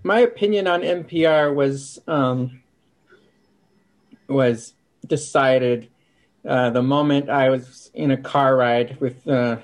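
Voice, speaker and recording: A man's voice: medium pitch, takes it slowly, pauses often. A man as a podcast guest in casual chat, hesitant with stammering restarts and dry, skeptical humor. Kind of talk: casual conversation.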